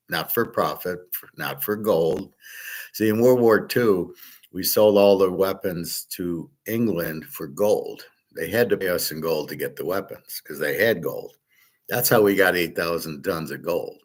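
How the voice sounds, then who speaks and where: A man hosting his own commentary show, ranting in an indignant, profane monologue. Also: deep voice. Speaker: host of a betting and gold commentary show. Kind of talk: opinion monologue.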